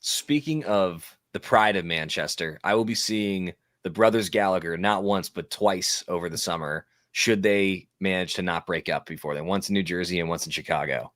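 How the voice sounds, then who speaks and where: A man's voice: low-pitched, fairly bright tone, no room sound, clean studio sound. A man co-hosting a live tennis watchalong, commenting casually and playfully riffing with his co-host. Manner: playful, jokey, quick to riff.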